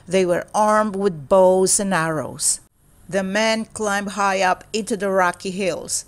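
A woman reading a children's storybook aloud in a steady, clear storytelling manner. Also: medium pitch, slow. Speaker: storybook reader.

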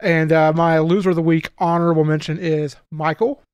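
Fast-talking, teasing young man guest. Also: on the high side, little pitch movement, darkish tone, smooth, dry recording, clean studio sound. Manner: quick, teasing, trash-talking. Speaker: guest co-host. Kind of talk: casual fantasy football chat.

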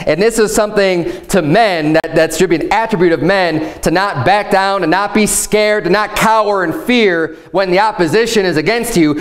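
A man preaching a sermon as pastor, earnest and conversational, climbing in pitch and stretching out words to stress a point. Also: moderate pace, hardly any pauses. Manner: earnest preaching, rising higher and drawing words out for emphasis; conversational asides with fillers.

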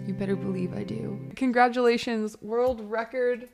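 A woman's voice: a little high, steady tone, a little fast, creaky, few pauses, over loud music. A woman streamer chatting casually on a livestream and laughing often. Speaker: Twitch streamer.

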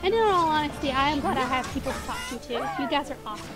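A woman with a Southern accent from around Tennessee, chatting casually on a gaming stream, giggling often and sometimes stuttering over her words. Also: sits high. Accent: Southern US, Tennessee area. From southeastern United States. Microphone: desk microphone.

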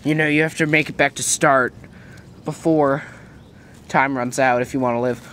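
A woman's voice: extremely low pitch, fairly even intonation, moderate pace, fairly bright tone, slight background noise, voice pushed down. A woman voicing a bossy, weary master of a deadly game in a fan-made puppet drama, talking curtly and coldly. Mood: menacing. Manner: curt, cold and bossy.

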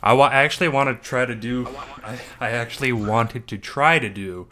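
A young man hosting a live game stream, joking loudly and trash-talking with friends over a headset. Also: mid-range voice, a little fast. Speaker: streamer and host. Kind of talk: casual gaming chat on a live stream.

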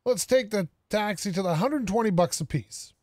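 A man's voice: high-pitched, lively intonation, normal speed, darkish tone, dry recording, clean studio sound. A man streaming a game, casually thinking aloud and joking with the characters on screen. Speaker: gaming streamer. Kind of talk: casual gameplay commentary.

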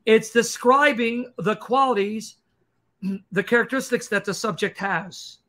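High, bright-voiced man lecturing emphatically. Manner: fast, emphatic, combative, lecturing. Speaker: Christian apologist host. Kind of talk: livestream teaching Q&A.

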